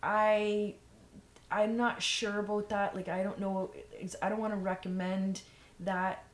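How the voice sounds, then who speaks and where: A woman's voice: medium pitch, level tone, measured pace. A woman vlogger giving frank, rambling advice in a casual monologue, full of fillers and restarts. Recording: echoey room, faint noise.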